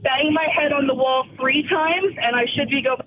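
Male caller, very high voice, phone-line sound with crowd noise behind, easygoing. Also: steady tone, moderate pace. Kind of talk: phone-in anecdote.

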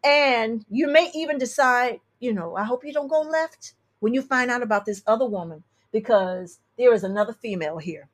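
High-voiced lady astrologer, blunt and sassy, reads emails and tells it like it is. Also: normal speed, hardly any pauses. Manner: blunt, animated, sassy advice with emphatic repeats. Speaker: astrologer and tarot reader host. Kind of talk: reading listener emails, advice talk.

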